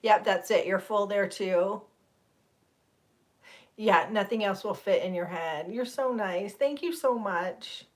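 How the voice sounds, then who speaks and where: A middle-aged woman with a mid-range voice talks a little slowly as she hosts a livestream. She chats casually with her viewers, rambling and laughing as she goes.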